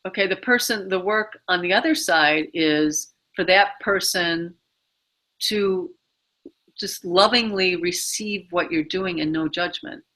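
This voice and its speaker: A woman's voice: on the low side, slow, fairly bright tone, low-quality recording. A woman being interviewed, giving casual advice in a rambling way, full of fillers and little acted-out bits of inner dialogue. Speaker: interview guest.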